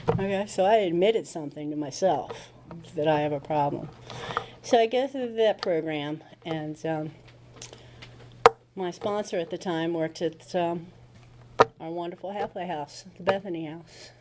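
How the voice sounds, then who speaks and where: A woman's voice: lowish voice, a little slow, heavy background noise. A woman speaking at a recovery meeting, telling her story in a casual conversational way and acting out what people said. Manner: conversational storytelling with acted-out quotes. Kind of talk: personal testimony talk.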